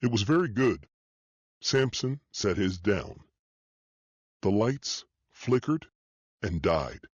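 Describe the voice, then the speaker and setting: Low-voiced male audiobook narrator. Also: slightly rough, no room sound, dull audio. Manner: steady, measured storytelling. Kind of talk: scripted first-person narration.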